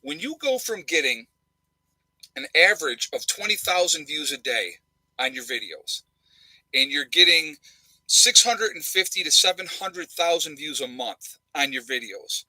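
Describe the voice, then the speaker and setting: The host of this channel runs a casual livestream from a home room where a fan is on. He's blunt and sarcastic and rambles, filling gaps with uhs and ums. His slightly high voice sounds bright and forceful, and the recording is dry and low-quality.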